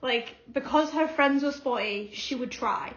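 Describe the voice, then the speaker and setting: Young woman, co-host, high voice, animated storyteller, echoey dull recording. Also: a little slow. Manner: animated storytelling, laughs often. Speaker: podcast co-host. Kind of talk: casual chat. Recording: echoey room, slightly dull sound.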